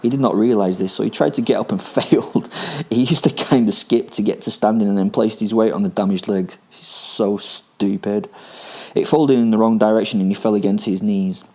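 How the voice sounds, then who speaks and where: A man's voice: on the low side, steady tone, quick pace, warm tone. A man reading his own first-person story, gleefully menacing and darkly amused.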